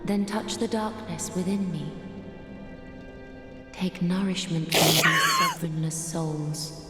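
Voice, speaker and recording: A serene shrine maiden. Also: female voice, fairly low pitch, wildly swooping pitch, full character voice. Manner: soft, slow, formal archaic speech. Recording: game audio, reverberant, with music.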